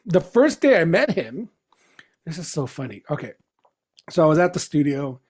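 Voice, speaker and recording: High-voiced middle-aged man telling stories. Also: normal speed, breathy edge. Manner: animated, laughing storyteller who acts out quotes. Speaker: podcast guest, comic writer. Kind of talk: casual anecdotal storytelling.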